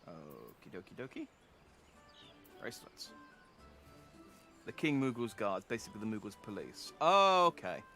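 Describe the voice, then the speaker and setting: A man's voice: fairly low pitch, wildly swooping pitch, normal speed, long pauses, over music. A man streaming as a VTuber, chatting casually through a game and often correcting himself mid-sentence. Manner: rambling, self-correcting, chatty. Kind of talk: casual gameplay commentary.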